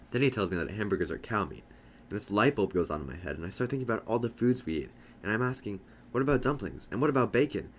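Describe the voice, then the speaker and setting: Laid-back teen big brother telling a story, a guy reading him in his low voice. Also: a little hiss or hum, lightly acted. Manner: easygoing, chatty storyteller. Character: friendly teenage boy, big brother.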